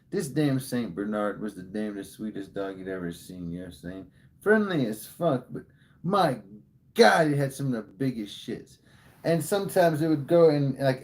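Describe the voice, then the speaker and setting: Male streamer, mid-pitched voice, swears a lot, spins a crude tall tale for chat. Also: a little mellow. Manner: profane, joking, tall-tale delivery. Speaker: livestream host. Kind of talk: rambling comic storytelling to chat.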